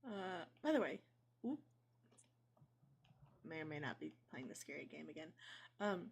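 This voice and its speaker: A woman's voice: low-pitched, expressive, unhurried, creaky, husky. A woman on a livestream chat, talking earnestly and reflectively. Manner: earnest, reflective, talks things through. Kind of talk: casual chat.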